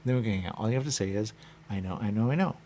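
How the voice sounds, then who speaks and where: A radio host with a fairly low, dark-toned voice muses in a very fast, loose and repetitive monologue, with slight background noise. He keeps coming back to the same stock phrases, especially "there you go."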